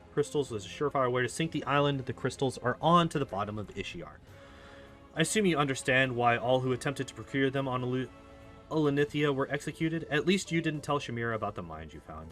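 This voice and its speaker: A man's voice: mid-range voice, fast talker, a bit bright, lightly acted. A man reading aloud as a haughty, scornful female demon queen in a video game, cold and mocking, with faint music behind. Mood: regal.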